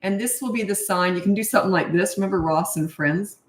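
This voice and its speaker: A woman's voice: medium pitch, fairly quick. A middle-aged woman parenting coach answering questions in a casual, blunt, matter-of-fact way, with chatty asides. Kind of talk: casual Q&A advice. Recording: roomy echo.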